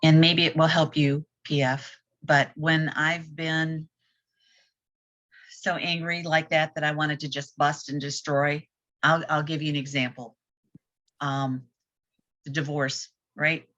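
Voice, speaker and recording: Woman, candid, reflective, very low pitch, dull lo-fi recording. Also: little pitch movement, slow, fairly bright tone. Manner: candid, reflective, plain-spoken. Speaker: group discussion participant. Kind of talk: casual group chat. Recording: dull lo-fi audio.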